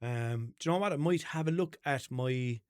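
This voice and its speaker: A Limerick-accented man chats loosely on his own podcast, wandering and swearing as he goes. He speaks at a middle pitch. The sound is dry and close. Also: moderate pace, darkish tone, clear, resonant tone, dry recording. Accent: Limerick Irish. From Limerick, Ireland. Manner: rambling, sweary, jokey. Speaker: podcast host. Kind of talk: unscripted casual podcast chat.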